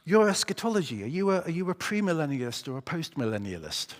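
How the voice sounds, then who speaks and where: A man's voice: medium pitch, brisk, close to an everyday voice. A preacher voicing an eager male believer who keeps firing prying questions at a stranger, in an echoey church. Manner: prying, increasingly excited questions.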